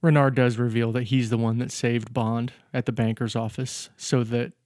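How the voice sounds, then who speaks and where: A man's voice: medium pitch, little pitch movement, moderate pace, a little mellow, dry recording, studio quality. A man co-hosting a podcast, casually recapping a film's plot step by step with fillers. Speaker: podcast co-host. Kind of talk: casual chat recapping a film.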